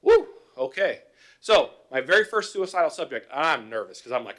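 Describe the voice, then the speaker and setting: Cop addressing council, middle-aged man, raised pitch, conversational, asks rhetorical questions. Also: lively intonation, fairly quick, fairly bright tone. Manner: conversational, acts out both sides of calls, rhetorical questions. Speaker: police officer presenting to city council. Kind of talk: informal presentation with anecdotes.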